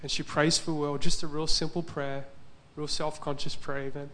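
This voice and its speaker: A male pastor gives a sermon in a church, speaking earnestly as he tells a story. His voice sits a little high for a man. He keeps a narrow, level pitch throughout. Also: level tone, normal speed, bright, forceful tone, a little hiss or hum.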